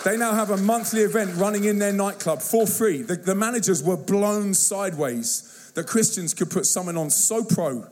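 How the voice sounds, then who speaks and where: A man preaching an energetic sermon to a church, telling stories in a punchy, slangy, excitable way. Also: high voice, normal speed, hardly any pauses. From United Kingdom. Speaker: guest youth evangelist. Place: church service.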